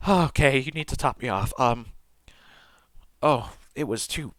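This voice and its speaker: A man's voice: medium pitch, animated, a little hiss or hum. A man voicing a tearful, stammering priestess. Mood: shaken. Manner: halting, stammering, soft-spoken. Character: grieving woman priestess, tearful and shaken.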